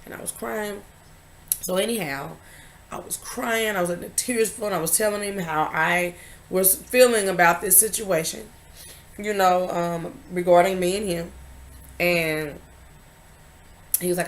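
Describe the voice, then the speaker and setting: A woman's voice: lowish voice, steady tone, measured pace, long pauses. Woman confiding her story, emphatic. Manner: emphatic, confiding, swings between loud and hushed. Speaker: vlogger. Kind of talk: candid personal storytelling.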